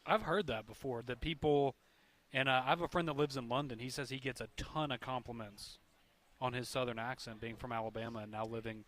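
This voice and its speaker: A man hosting a radio talk show, relaxed and agreeable. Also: mid-range voice, a little fast. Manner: relaxed, agreeable, reads promos. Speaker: radio host. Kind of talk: casual sports radio chat.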